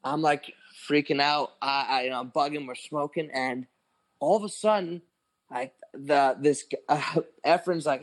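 A man's voice: fairly high pitch, unhurried. A man in his twenties, a podcast co-host, telling a long story in casual chat, rambling with lots of "like" and swearing.

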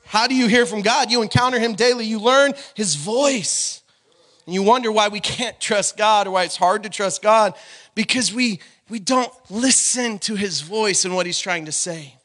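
A male preacher delivers a sermon in an unusually high, bright voice. He preaches with animated energy and often rises to a shout. Now and then he breaks briefly into song. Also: normal speed.

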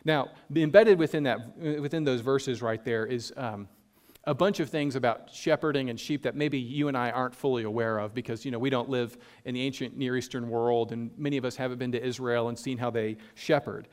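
A man preaching a sermon, reading scripture slowly and explaining it in a casual, conversational way with frequent fillers. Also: mid-range voice, steady tone, a little mellow. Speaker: pastor.

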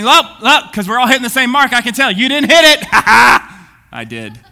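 Guy preaching, really high bright voice, gets loud then goes quiet, big hall echo. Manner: excitable, swings from booming to hushed. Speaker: pastor. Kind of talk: energetic sermon. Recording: long reverb of a church hall.

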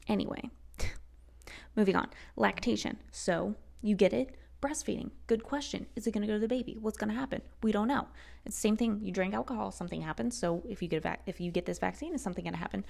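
A woman's voice: mid-range voice, fairly quick, gravelly, darkish tone. A woman hosting a solo podcast, talking heatedly and sarcastically and swearing freely. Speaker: podcast host.

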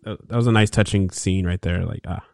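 A man's voice: low-pitched, fairly even intonation, fairly quick, vocal fry, a little mellow, no echo. Laid-back rambling man, dry mic. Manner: rambling, laid-back, many fillers and restarts. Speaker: podcast co-host. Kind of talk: casual chat.

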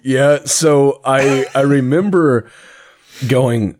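A man hosting a podcast, speaking in a neutral American accent he puts on over his native Southern one, animated and quick to laugh. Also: on the low side. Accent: neutral American, put on over a native Southern one. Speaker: podcast host. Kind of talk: casual podcast chat.

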